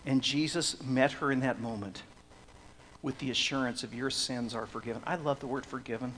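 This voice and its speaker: A man preaching an expository sermon, swinging from hushed, slow passages to loud, emphatic ones. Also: mid-range voice, fairly even intonation, long reverb tail, a little hiss or hum. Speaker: pastor.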